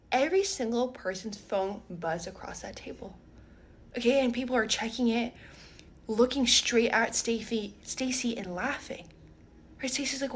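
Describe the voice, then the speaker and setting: A woman telling a workplace story in a storytime skit, animated, dropping to whispers and rising again. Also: fairly high pitch, breathy edge. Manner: animated, switching between whispers and raised voices.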